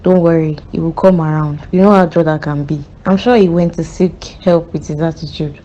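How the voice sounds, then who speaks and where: Woman doing a motherly cartoon elder, lowish warm voice, soothing. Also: steady tone, a little fast, dull audio, natural voice. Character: comforting older mother figure, Big Mommy.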